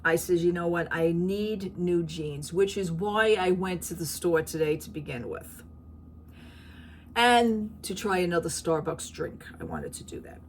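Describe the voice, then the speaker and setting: A woman's voice: lowish voice, expressive, measured pace, a little hiss or hum. A middle-aged woman chatting in a rambling, talkative way for her vlog, laughing at her own stories. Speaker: vlogger. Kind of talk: casual chat.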